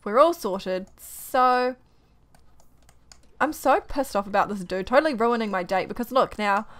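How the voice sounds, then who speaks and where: Young woman, gaming commentary, exasperated, rants, quick laughs, slightly high voice. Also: animated, fairly bright tone. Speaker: gaming YouTuber. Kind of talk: casual let's-play commentary.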